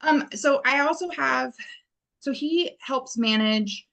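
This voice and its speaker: A woman's voice: high voice, slow pace, gravelly, fairly bright tone, lo-fi sound. A woman business owner as a podcast guest, talking at length with many fillers. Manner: wordy, rambling, many fillers. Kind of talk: casual podcast interview.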